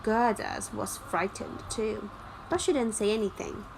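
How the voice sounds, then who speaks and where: A woman narrating a graded-reader story in a slow, careful, clear way. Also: medium pitch, noisy background.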